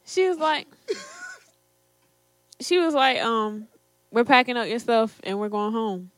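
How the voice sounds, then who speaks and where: This young woman, a storyteller and co-host, speaks in a rather high, very animated voice at a slow pace, with no room sound. She casually tells a personal story to camera, quoting her parents and laughing often.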